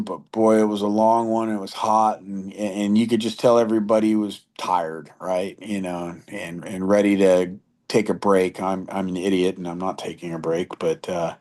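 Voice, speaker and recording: A man's voice: low-pitched, darkish tone. A man chatting casually as a podcast guest, laid-back and slangy, with frequent fillers and restarts. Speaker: podcast guest, motocross editor.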